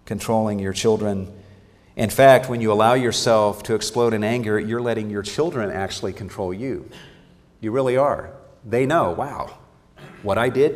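A man teaching a parenting seminar in a sermon style, earnest and emphatic, often restarting his words. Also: on the low side. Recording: long hall reverb.

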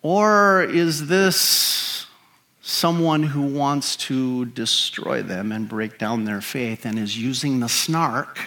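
Slow, bright-voiced male preacher. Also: mid-range voice. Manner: emphatic, rhetorical questions to the congregation. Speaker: pastor. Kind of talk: sermon.

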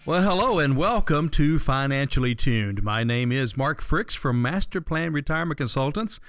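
A man's voice: a little high, lively intonation, normal speed, a bit bright, dry recording, clean studio sound, faint music behind. A man hosting a financial radio talk show, chatting casually and rambling with lots of fillers and restarts.

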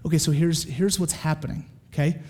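Casual, lively male preacher. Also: a little high, brisk. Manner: casual, animated, keeps checking in with "okay?". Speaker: pastor. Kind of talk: sermon.

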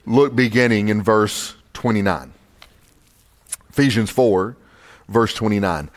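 A pastor preaching a sermon, reading scripture slowly and building to emphatic stresses on key words. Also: male voice, lowish voice. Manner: slow, deliberate scripture reading.

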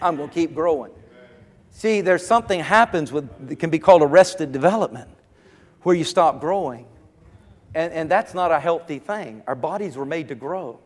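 A man preaching a sermon, his delivery fervent and repetitive, building up to shouts. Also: on the high side, animated, moderate pace. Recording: long echo of a large hall.

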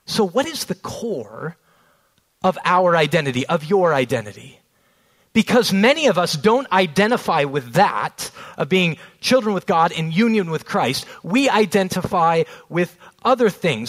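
A man in his thirties preaching a sermon, telling a family story and slowing down on key phrases. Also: sits high, big pitch swings. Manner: storytelling with rising emphasis, slows on key phrases. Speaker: pastor.

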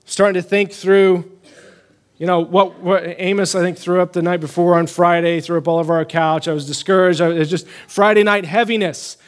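High-voiced man preaching animatedly. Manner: animated storytelling, rising loud when proclaiming scripture. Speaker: pastor. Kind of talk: conversational sermon.

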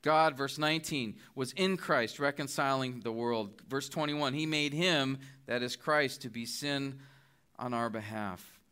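A man's voice: medium pitch, measured pace, bright, forceful tone, clean tone. A middle-aged man preaching a sermon, earnest and pleading as he makes his appeals. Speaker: guest preacher.

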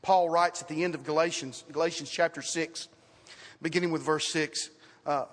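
A man preaching a sermon to a congregation in church, reading scripture and telling stories in an animated way. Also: fairly high pitch, normal speed. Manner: animated storytelling with scripture quotes. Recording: reverberant hall.

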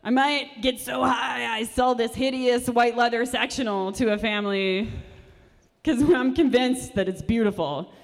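A woman's voice: a little high, fairly even intonation, a little slow, vocal fry. A young adult woman doing a stand-up comedy set with a dry, sardonic delivery, recorded live in a performance space. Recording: reverberant live room.

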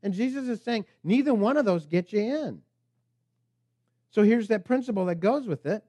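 A man's voice: high-pitched, expressive, normal speed, mellow, dry recording. A man preaching a sermon as pastor, emphatic and preacherly, at times speaking the tempter's lines.

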